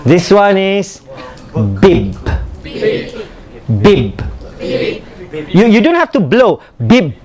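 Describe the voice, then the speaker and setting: Slow, animated Malaysian male instructor. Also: high-pitched, music in the background. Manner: drills sounds slowly, repeating words, chuckles often. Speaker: pronunciation workshop instructor. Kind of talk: live classroom teaching. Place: workshop room full of students. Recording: students chattering in background.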